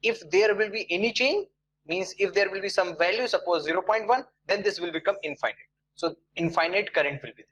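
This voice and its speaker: A man with a slightly raised voice, teaching an online engineering class. He walks through each step slowly, repeating key phrases and pausing with fillers. He keeps checking in, asking students to answer. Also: high-pitched, fairly bright tone, a little hiss or hum, rough recording. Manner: many fillers and restarts, non-native phrasing. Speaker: lecturer.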